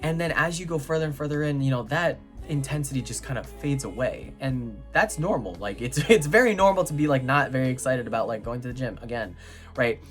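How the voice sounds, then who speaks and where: A young American man from New York giving a casual, chatty book review, full of filler words and quick laughs. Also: medium pitch, soft background music.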